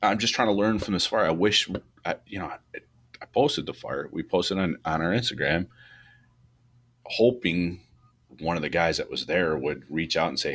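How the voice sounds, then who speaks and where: A man with a very low voice talks firefighting tactics in a loose, rambling way. He restarts his sentences often. His pitch climbs when he gets worked up. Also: moderate pace, a bit bright, husky. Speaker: podcast co-host, fire truck company boss. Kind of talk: casual shop talk about firefighting.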